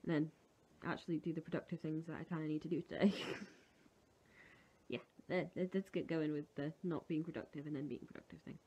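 A woman's voice: low voice, steady tone, fairly quick, mellow, husky, lo-fi sound. A young woman with a sore throat, chatting casually and rambling through her plans in a home vlog. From England. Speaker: vlogger. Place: at home, indoors.

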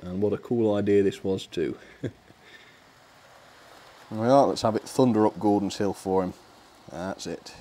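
A man hosting a live stream chats casually in a lowish, mellow voice. Cheerful and easygoing, he laughs often and lightly, coming across as someone having fun with a hobby together with his viewers.

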